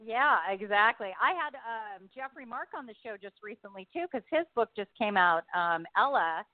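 A woman hosting an interview, friendly and quick to react with laughs and short replies. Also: fairly high pitch, animated, no room sound. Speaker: interview host. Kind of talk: casual interview chat. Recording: tinny dry phone line.

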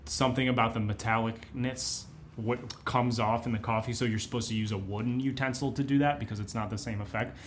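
A man's voice: medium pitch, fairly even intonation, a little fast, a little hiss or hum. A man co-hosting a podcast, chatting casually with easygoing reactions. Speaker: podcast co-host. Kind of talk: casual chat.

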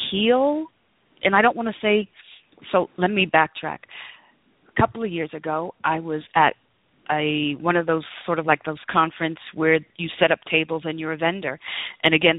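Her pitch fairly low, a woman interviewed as a guest author recounts personal stories with earnest exclamations. She's in Las Vegas, heard through a tinny, dry phone line without echo.

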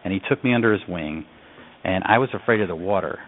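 A man's voice: deep voice, fast, slight background noise. A man from upstate New York, a radio interview guest, telling a story in an earnest, reflective way. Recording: phone-line audio.

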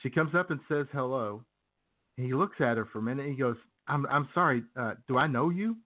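A man's voice: medium pitch, a little fast. A man co-hosting a comedy show, telling jokes casually and acting out the characters. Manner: animated, acts out characters in jokes. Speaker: podcast co-host. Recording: tinny phone-like sound.

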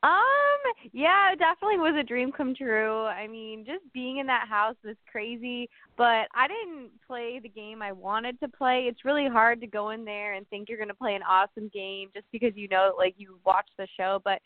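A young woman calls in as a guest, relaxed and easygoing, her voice thin and phone-like. The sound is dry, with nothing behind it. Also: fairly high pitch, moderate pace, hardly any pauses, no room sound. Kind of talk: casual interview chat. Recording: tinny phone line.

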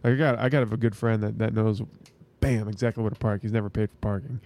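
A man's voice: on the low side, steady tone, fast talker, darkish tone. A young man co-hosting a podcast in casual chat, rambling with frequent restarts and casual swearing. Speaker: podcast co-host.

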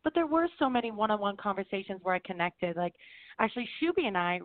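A woman's voice: mid-range voice, lively intonation, rapid-fire, no echo. Earnest woman guest on a phone-like line. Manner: earnest, open, hesitant with fillers. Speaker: podcast guest, reality show contestant. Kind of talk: casual interview answers.

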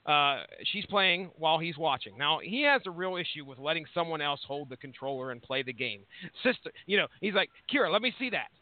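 High-voiced man on a tinny line. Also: expressive, a little fast, hardly any pauses, no room sound. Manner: rambling, swears freely. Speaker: podcast co-host. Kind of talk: casual profane chat. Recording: tinny phone-like line, dry.

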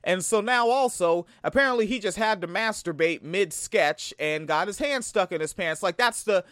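A man's voice: high-pitched, moderate pace, a bit bright, dry recording, clean studio sound. A man from Tacoma giving blunt, heated, sarcastic reaction commentary on a sketch. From Tacoma, Washington.

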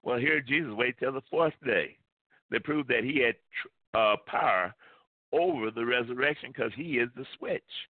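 A man's voice: mid-range voice, normal speed, no echo. A male pastor preaching a sermon with emphasis, repeating key phrases. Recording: tinny phone-like line, dry.

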